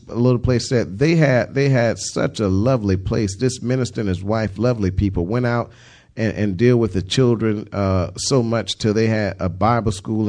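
Low-voiced fervent male preacher. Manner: fervent, folksy preaching that swells to loud emphatic passages; colloquial, with repeated words and restarts. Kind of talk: sermon.

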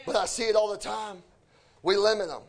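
A man preaching a fervent sermon, often shouting and lapsing into a sing-song cadence. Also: high voice, fairly quick.

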